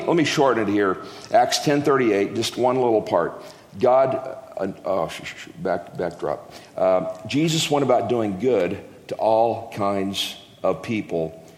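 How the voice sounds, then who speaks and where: Deep-voiced rambling man preaching in a hall. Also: a little hiss or hum. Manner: rambling, self-interrupting, folksy jokes. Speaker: guest preacher. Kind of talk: casual joking sermon. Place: church hall. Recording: echoey hall, long reverb.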